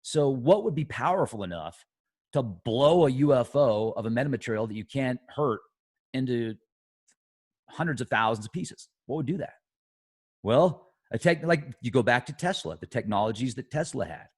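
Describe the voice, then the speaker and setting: A man hosting a conspiracy talk show, rambling in a casual monologue that jumps between loud excitement and soft trailing asides. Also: mid-range voice, moderate pace, slightly rough. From United States.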